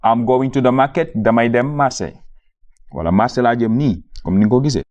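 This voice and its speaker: A man with a Wolof accent teaching a beginner language lesson, repeating each phrase slowly and patiently before explaining it. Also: mid-range voice, darkish tone, dull audio.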